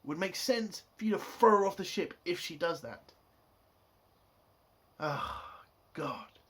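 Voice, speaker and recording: A man's voice: high voice, lively intonation, slow, a bit bright, husky. Exasperated, sweary man ranting. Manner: exasperated, swears a lot, rants. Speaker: TV episode reviewer. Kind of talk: casual spoken review.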